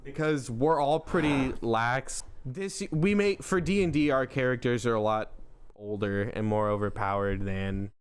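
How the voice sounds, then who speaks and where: A man's voice: medium pitch, a little slow, clean tone. Teasing young man in casual chat. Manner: teasing, loose, swears casually. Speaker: podcast co-host and player.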